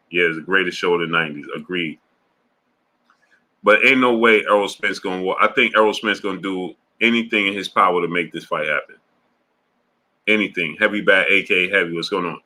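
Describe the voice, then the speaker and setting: This man's voice sits low with a sharp tone as he hosts a boxing livestream, reading chat casually. He laughs hard, draws out exclamations and gives quoted lines playful voices.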